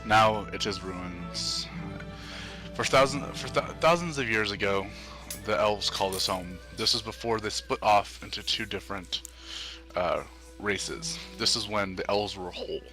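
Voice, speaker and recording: A man narrating as dungeon master of a tabletop game, describing scenes with halting restarts and fillers. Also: fairly low pitch, pushed and bright, faint music behind.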